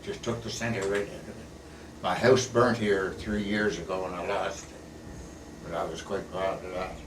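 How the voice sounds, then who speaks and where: A man's voice: deep voice, flat delivery, normal speed. Older man, plain-spoken veteran storyteller. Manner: plain-spoken, folksy, tags sentences with "eh". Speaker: war veteran interviewee. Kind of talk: casual storytelling interview. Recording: echoey room, recorded from a distance, faint background hiss.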